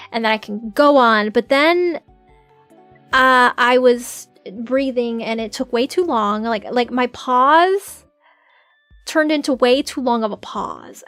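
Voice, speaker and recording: Young woman streamer, fairly high voice, giggly, casual chat, lots of "like"s, soft music underneath. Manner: chatty, giggly, full of filler "like"s.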